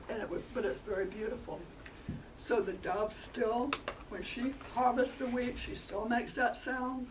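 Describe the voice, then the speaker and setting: A woman telling a story aloud to a group of children in an animated, expressive way. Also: on the high side. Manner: animated, expressive, warm with listeners. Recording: distant mic, noisy room.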